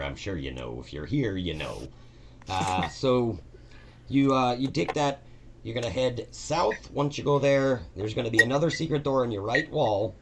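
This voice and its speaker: A man's voice: lowish voice, a bit bright, a little hiss or hum, voice pushed up. A man voicing a nervous, newly hired male dungeon cleaner who rambles hesitantly and apologizes a lot.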